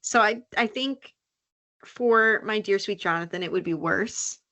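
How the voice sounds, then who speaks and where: Female podcast co-host, bright tone, chatty and self-deprecating. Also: mid-range voice, unhurried. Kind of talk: casual chat.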